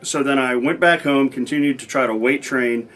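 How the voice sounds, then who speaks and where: A former pro wrestler, here as an interview guest, rambles through stories in a casual chat, restarting often and acting out old conversations. His male voice is medium-pitched and fairly bright at a normal speed, with a little hiss or hum.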